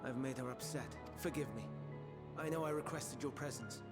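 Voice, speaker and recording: Earnest, formal scholar voiced by a man, mid-pitched, under swelling game music. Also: normal speed, close to an everyday voice. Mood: troubled. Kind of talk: video game voice acting. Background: game score music.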